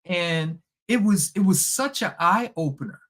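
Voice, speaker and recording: A middle-aged woman talks through a personal story in a relaxed, chatty monologue. She is animated and keeps slipping into the voices of the people in her story. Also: lowish voice, measured pace. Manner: animated, acts out past conversations. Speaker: podcast host.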